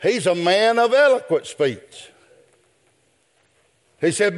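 An older man, preaching a sermon in a rhythmic style that builds to shouts. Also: sits high, sing-song, slow, pauses often.

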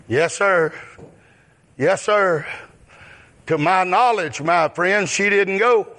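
A man preaching a sermon in a drawn-out delivery, breaking into shouted high exclamations and repeating short call-outs to the congregation. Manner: repeats call-outs like "yes, sir" and "huh?".

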